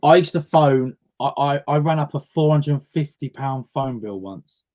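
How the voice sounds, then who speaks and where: In a muffled recording, a guest singer with a fairly high voice speaks at a moderate pace. Chatting casually in the interview, he acts out the voices of the people in his stories.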